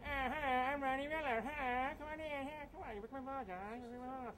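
A man's voice: very high voice, a little fast, crowd noise, voice pushed up. A guy doing a sing-song puppet dictator. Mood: cheery. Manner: loud, sing-song greetings. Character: comic impression of a lonely puppet dictator, male.

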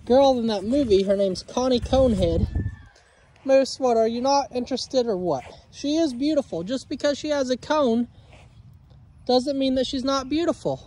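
A man's voice: very high-pitched, a little mellow, slight background noise. A man filming at his homestead, talking to his dogs in a playful, coaxing baby-talk voice. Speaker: homestead vlogger. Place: outdoors at a homestead dog pen.

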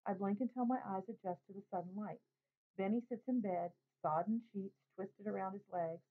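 A woman reading a novel aloud in a plain, unhurried way. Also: mid-range voice. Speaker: reader. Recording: tinny phone-like sound.

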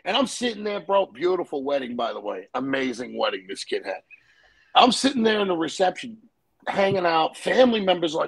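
Gravelly New man telling a story. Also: on the high side, lively intonation, normal speed, low-quality recording. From New York. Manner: profane, acts out the other people in his stories. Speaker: guest. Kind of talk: casual storytelling.

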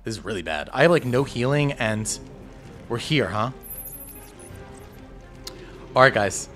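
Excitable man yelping through a game. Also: mid-range voice, a little slow, soft background music. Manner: excitable, panicky, talks to himself, yelps and cheers. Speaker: gameplay streamer. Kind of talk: live gameplay commentary.

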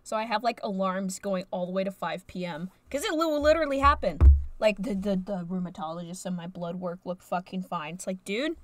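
A woman's voice: mid-range voice, brisk. Young american woman rambling on stream, lots of likes and ums, faint game music behind. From United States. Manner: rambling, chatty, frequent fillers. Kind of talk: casual live-stream chat.

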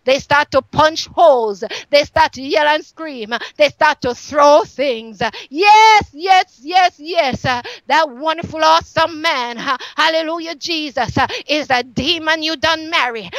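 Fervent high-voiced woman preacher. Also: no room sound, rough recording. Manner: fervent, repeats yes and hallelujah, swings from shouting to hushed. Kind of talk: sermon.

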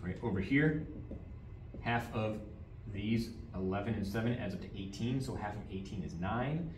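A man's voice: on the low side, normal speed. A man teaching a geometry lesson in a classroom, repeating key terms and checking in with "all right?". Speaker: math teacher. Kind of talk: classroom lecture. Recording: roomy, distant from mic, faint background noise.

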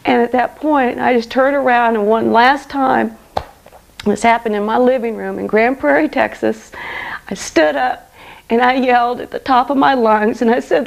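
A middle-aged woman gives a personal faith testimony in an earnest, heartfelt storytelling voice. Her fairly high voice has a gravelly, fry-laden edge, and she pads her sentences with "you know". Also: fairly even intonation, normal speed, low-quality recording. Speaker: guest sharing her testimony.

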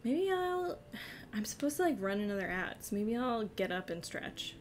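A woman's voice: a little high, sing-song, normal speed, a little hiss or hum. A young woman from New Jersey with a slight New Jersey accent, chatting casually with her stream chat, giggly and self-deprecating.

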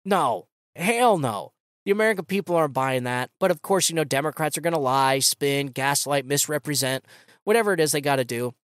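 A man's voice: a little high, fast talker, fairly bright tone, clean tone, no echo, studio quality. A man hosting a political commentary podcast, ranting in a sarcastic, casual way with slang. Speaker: podcast host.

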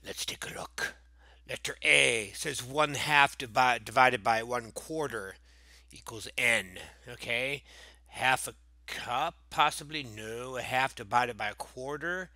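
A man's voice: medium pitch, slow, sharp tone, no echo. A man teaching a playful math review lesson, joking around between problems and slipping into silly voices. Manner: goofy, jokey, breaks into silly voices and asides.

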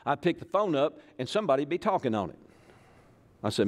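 Folksy preacher in an echoing church. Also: male voice, on the high side, big pitch swings, brisk. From Arkansas. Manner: folksy, joking, call-and-response preaching. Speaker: pastor. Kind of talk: sermon. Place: church sanctuary. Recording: echoey church hall.

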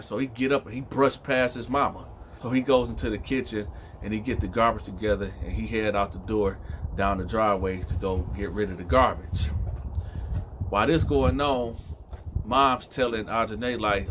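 A man's voice: mid-range voice, moderate pace, a little hiss or hum. A man telling a story casually and animatedly, speaking straight to his listeners. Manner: animated, addresses listeners directly.

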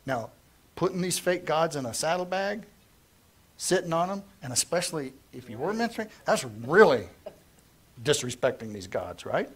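A middle-aged man teaching through the Bible verse by verse, reading scripture aloud and then retelling it in plain, lively everyday talk. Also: a little high, normal speed, husky.

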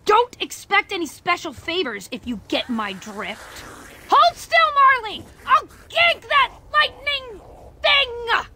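Brash, trash-talking young woman fighting zombies in a game; unhurried delivery, lively and swinging in pitch. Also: exaggerated voice. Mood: cheering. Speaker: video game character. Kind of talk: video game voice lines.

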